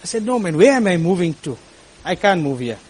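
A man telling a personal story to an audience, animated and acting out the people he quotes. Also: high voice, a little fast, breathy edge, rough recording.

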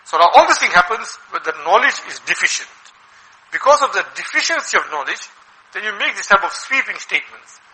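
A man preaching a sermon as an Islamic preacher, animated and full of rhetorical questions. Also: high-pitched, fairly quick, rough recording. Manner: animated, asks rhetorical questions, acts out quoted voices.

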